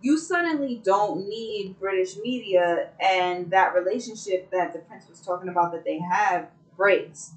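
A woman in casual co-host chat, voice at an ordinary middle pitch. She rambles through opinions, restarting and cursing casually. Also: a little slow, few pauses, poor audio.

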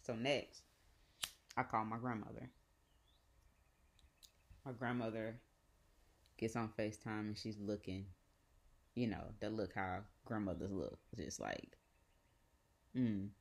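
A woman with a Southern US accent, hosting a podcast and telling a personal story in a profane, animated way with repeated phrases. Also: a bass voice, a little slow, pauses often. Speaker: podcast host. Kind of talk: casual storytelling.

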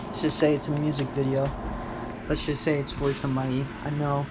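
A young man hosting a podcast from home, rambling casually and cursing, with sudden loud outbursts. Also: mid-range voice, completely flat delivery, a little fast. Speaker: podcast host. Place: at home, in his room and kitchen. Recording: echoey room with background noise.

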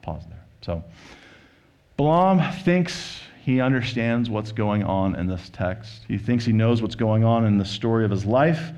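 Man preaching in a conversational, storytelling way. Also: medium pitch. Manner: conversational storytelling, paraphrasing scripture with quoted voices. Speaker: pastor. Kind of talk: sermon.

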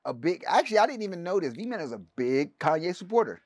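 A man co-hosting a podcast, talking in an emphatic, slangy way and repeating his points. His voice sits a bit high, and the sound is dry and close. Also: sing-song, fast, a little mellow, no echo. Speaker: podcast co-host. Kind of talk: casual chat.

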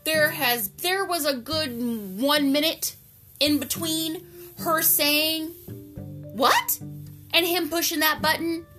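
A woman casually recapping a soap opera episode in an animated, gossipy way, using slang and an occasional swear word. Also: slow pace. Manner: jumps to high, loud pitch for excited retellings. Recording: music playing clearly behind the voice.

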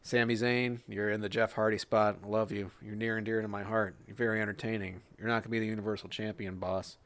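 A man's voice: lowish voice, little pitch movement, fast talker, fairly bright tone. A man co-hosting a casual wrestling podcast, joking and swearing as he rambles through predictions. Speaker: podcast co-host.

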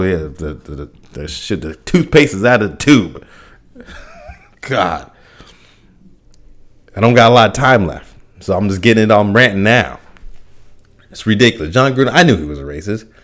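Animated, low-voiced man ranting on a podcast. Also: measured pace, pauses often. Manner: animated, profane ranting with frequent restarts and laughs. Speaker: podcast host.

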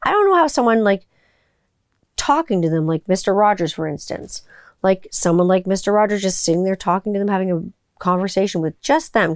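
A woman in her forties talks in a loose, rambling way, piling up fillers and cheerful swearing as she tells stories. Her pitch sits in the ordinary middle for a woman. The sound is dry and close, with no room behind it. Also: lively intonation, fairly quick, no echo. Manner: chatty, rambling storyteller who swears freely. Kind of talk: casual chat.

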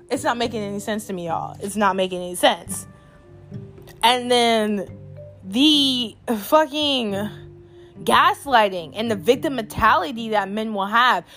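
A young woman delivers a candid vlog rant in a high-pitched voice, blunt and exasperated. She swears freely and circles back to repeat her points for emphasis. Faint music sits under her voice. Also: unhurried, fairly bright tone. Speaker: vlogger. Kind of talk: candid opinion rant to camera.

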